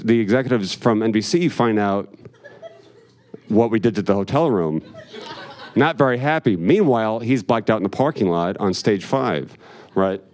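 Profane, rambling stand-up comedian, man. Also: mid-range voice. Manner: profane, rambling, often laughing at his own story. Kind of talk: stand-up storytelling.

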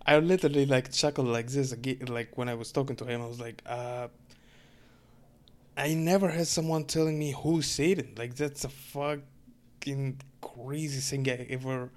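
A man from Egypt with an Egyptian accent, speaking English as a second language and telling a rambling story, full of fillers and swearing. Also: mid-range voice. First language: Arabic. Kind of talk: casual storytelling rant.

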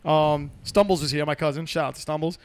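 A man's voice: a little high, steady tone, a little fast, clear, resonant tone. A man co-hosting a podcast in casual chat, blunt and profane, ranting about what he can't stand. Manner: blunt, profane, opinionated rants. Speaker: podcast co-host.

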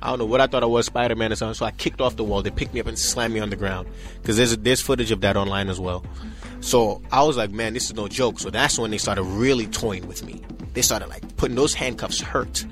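A man's voice: fairly low pitch, fast, soft background music. A young man, telling his story casually in an interview and acting out the voices of the people in it. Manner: animated, acts out quoted voices, frequent "you know what I'm saying". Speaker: interview guest.

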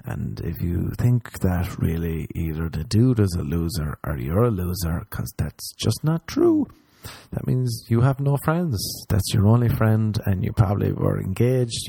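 A young Irish man rambling sardonically in a casual comedic monologue, jumping up in pitch when he acts out other people. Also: gravelly, dark tone, slightly rough, no room sound. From Ireland.

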